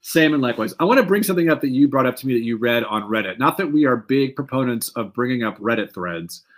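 A man co-hosting a fan podcast, talking in an animated, rambling way and swearing freely. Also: mid-range voice, quick pace. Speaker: podcast co-host. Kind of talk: casual fan chat.

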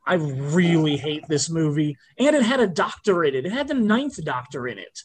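High-voiced man ranting casually. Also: big pitch swings, normal speed, slight background noise. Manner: rambling, blunt, self-correcting. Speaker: podcast host. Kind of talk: casual chat.

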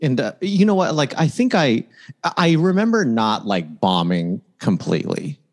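A man's voice: medium pitch, very animated, normal speed. A man in his thirties, a comedian, telling stories casually with lots of laughs and fillers. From United States. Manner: laughing, loose storytelling with many "like"s. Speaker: comedian, podcast guest. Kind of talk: casual chat.

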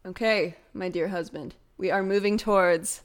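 A woman's voice: medium pitch, fairly even intonation, moderate pace. Bubbly young woman co-hosting a podcast. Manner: bubbly, giggly, chatty. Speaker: podcast co-host. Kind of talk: casual podcast chat.

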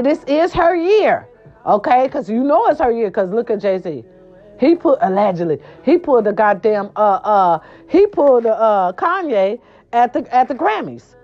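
A woman hosting a casual gossip show, sassy and animated, swearing freely, with a hoarse voice from a sore throat. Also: a little high, normal speed, muffled recording. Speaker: host.

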